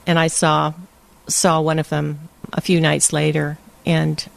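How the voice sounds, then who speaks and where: An older woman from Hawaii telling lively stories in a casual interview and laughing often. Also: low-pitched, unhurried, vocal fry. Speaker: interview guest. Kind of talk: casual storytelling.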